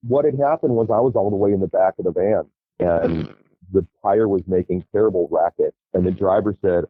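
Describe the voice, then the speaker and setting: A middle-aged man telling wild stories as a podcast guest, animated and profane, laughing as he goes. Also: deep voice, brisk, dry recording. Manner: lively, profane, laughs through his stories. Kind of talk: animated storytelling. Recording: tinny phone-like line.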